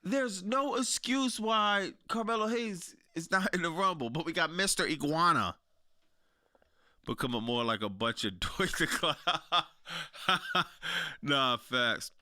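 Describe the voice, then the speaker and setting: A young man casually reacting to wrestling news, slangy and animated, laughing often. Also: on the high side, unhurried. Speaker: wrestling commentary streamer.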